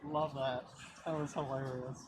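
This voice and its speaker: A man's voice: mid-range voice, little pitch movement, a little slow. A man in a workshop making offhand remarks and chuckling at friends' jokes. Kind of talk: casual workshop banter. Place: noisy prop workshop. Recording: sanding noise in workshop.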